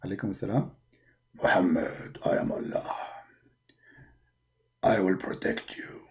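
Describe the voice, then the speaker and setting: A man voicing a hushed, low-voiced male deity on a phone call, in a whisper. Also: a little slow.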